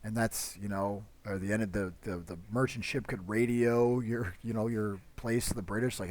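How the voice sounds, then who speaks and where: A man's voice: on the low side, fairly even intonation, normal speed, hardly any pauses, darkish tone. A young man lecturing on history in an easy, conversational voice. He talks off the cuff with plenty of fillers and restarts, slipping into short acted-out quotes to make his points. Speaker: history teacher. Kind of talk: casual classroom lecture.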